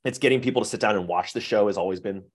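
A podcast guest who creates a web series chats casually in a very deep voice, talking at a racing pace. He's candid and long-winded, frequently correcting himself and restarting sentences as he thinks.

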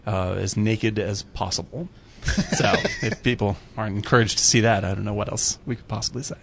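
A man's voice: on the low side, expressive, fairly quick, creaky, a bit bright, husky. A man hosting a podcast, chatting casually and enthusiastically with frequent laughs. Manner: enthusiastic, laughs often, many restarts. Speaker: podcast host. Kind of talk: casual chat.

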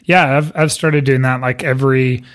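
A man's voice: medium pitch, fairly even intonation, normal speed, fairly bright tone. A man co-hosting a casual podcast with his sister, often restarting phrases as he talks. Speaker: podcast co-host. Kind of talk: casual chat.

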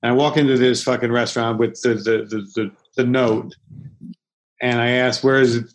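A man's voice: mid-range voice, fairly even intonation, normal speed, low-quality recording. Rambling man. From Philadelphia, United States. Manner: rambling, many restarts, swears freely, acts out quotes. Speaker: chef and interview guest. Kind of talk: casual storytelling in a podcast interview.

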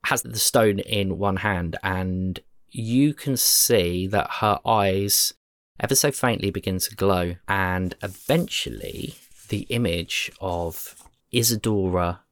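Deep-voiced British game master. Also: male voice, no room sound. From Britain. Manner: descriptive, measured. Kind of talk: narrating a tabletop game.

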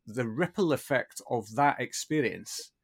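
A man's voice: mid-range voice, animated, measured pace. Podcast host guy, thoughtful, chatting and reflecting on his guest's point. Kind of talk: conversational interview.

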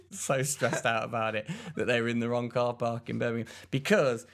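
A young man from England chats on a podcast, his voice carrying a gravelly, creaky edge. He tells a rambling anecdote and acts out the voices of the people in it. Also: medium pitch, normal speed. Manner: rambling storyteller, animated quoted voices. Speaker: podcast co-host. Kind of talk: casual chat.

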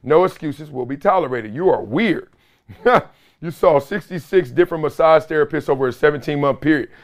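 A man hosting a sports talk show, telling stories in animated, slangy casual commentary on a close mic. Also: on the high side, a little fast. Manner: animated, slangy storytelling with laughs.

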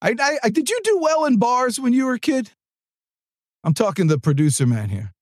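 Animated high-voiced sales podcast host. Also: male voice, a little fast, no room sound, clean studio sound. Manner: energetic, rambling, chatty asides to the producer. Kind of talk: casual motivational monologue. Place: studio.

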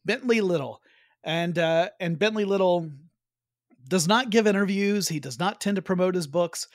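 A man co-hosting a casual chat show, relaxed and laughing as he talks, with a touch of hiccups. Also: high voice, moderate pace, no room sound, studio quality. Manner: relaxed, chuckling, trailing off. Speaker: podcast co-host.

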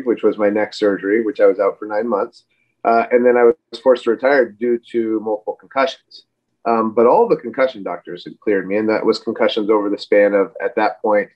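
A man's voice: mid-range voice, lo-fi sound. A man in his forties, a guest on a podcast, talking casually and rambling with many fillers and restarts. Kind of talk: casual interview chat.

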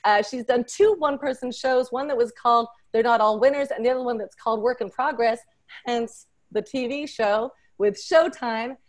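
A woman hosting a podcast, introducing a panel with effusive, excitable energy and playful teasing. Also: on the high side, moderate pace. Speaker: podcast host.

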